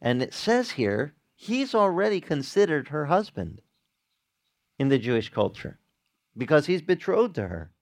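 A man's voice: sing-song, a little slow. A man preaching a sermon in a casual, conversational way, acting out short dialogues. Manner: conversational, acts out little dialogues with jumps in pitch.

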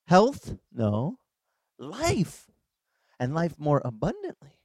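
A male pastor preaches outdoors in a high, lively voice that swoops as he acts out dialogues. The sound is dry and close, and his delivery is conversational. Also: normal speed, long pauses, dry recording. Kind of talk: sermon. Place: beach church service, outdoors.

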